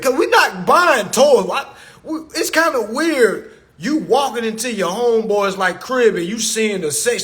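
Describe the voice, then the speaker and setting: A man rants casually into his phone on a live stream, his voice high and swinging widely as he talks. He speaks straight to his viewers, slipping into other people's voices to act out what they say. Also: a little slow. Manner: animated, addresses viewers as y'all, acts out others.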